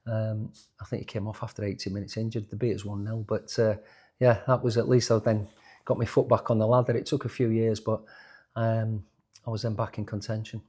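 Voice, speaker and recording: A man's voice: lowish voice, little pitch movement, fairly quick, darkish tone. A man of around sixty, a former footballer telling stories in an interview, restarting and repeating words as he goes. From England. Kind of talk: storytelling in a sports interview.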